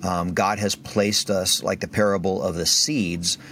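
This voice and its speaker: A man sharing a faith story as a podcast guest, animated and acting out the voices of the people in it. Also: low voice, a little slow, a little hiss or hum. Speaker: guest speaker.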